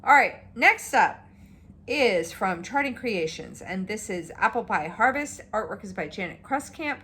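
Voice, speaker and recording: A woman vlogger chatting casually about her stitching projects, rambling and excitable, tired and yawning at times. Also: mid-range voice, a little slow, a little hiss or hum. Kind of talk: casual show-and-tell chat.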